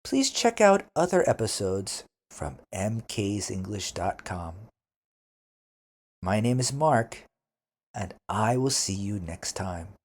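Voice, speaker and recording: A man hosting a beginner English lesson podcast, speaking deliberately and repeating each phrase clearly for learners. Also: on the low side, very animated. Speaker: English teacher, podcast host.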